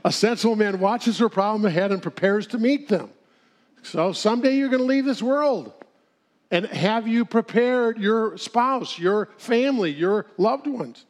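A middle-aged man giving a humorous, sermon-style talk, telling folksy stories with chuckles. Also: high-pitched. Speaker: speaker at a church seminar.

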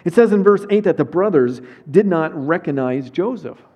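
Preacher, male, slightly high voice, lively storyteller reading scripture, muffled lo-fi recording. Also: normal speed, husky. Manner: prayerful, then lively storytelling with asides. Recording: dull lo-fi sound.

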